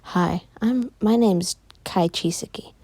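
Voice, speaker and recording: A woman's voice: mid-range voice, takes it slowly, dark tone, no echo. A woman voicing a polite, smiling boy who greets new family members.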